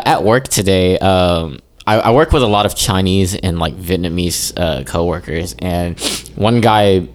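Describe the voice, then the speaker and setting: A man co-hosting a podcast, telling a story in halting, giggly casual chat. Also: deep voice. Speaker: podcast co-host.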